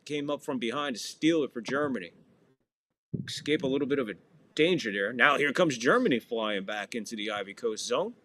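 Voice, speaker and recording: A podcast host calls a football match live in a relaxed, joking way. His voice sits mid-range but swings widely up and down. He plays with awkward foreign names as he goes. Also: mid-range voice, a little fast. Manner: jokey, playfully mangles foreign words. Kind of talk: casual live play-by-play commentary.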